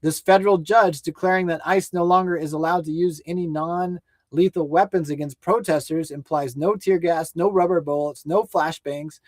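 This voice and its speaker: A man co-hosting a livestream news show, ranting angrily and swearing, rising to shouts at times. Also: sits high, no room sound. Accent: American. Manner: angry, profane, shouting at times. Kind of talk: heated ranting livestream commentary.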